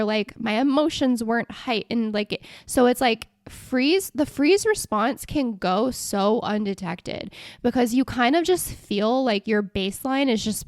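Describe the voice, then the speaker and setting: A woman's voice: a little high, no room sound, clean studio sound. A young woman hosting a podcast, talking casually and expressively with lots of "like" fillers. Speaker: podcast host. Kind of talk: casual solo podcast talk.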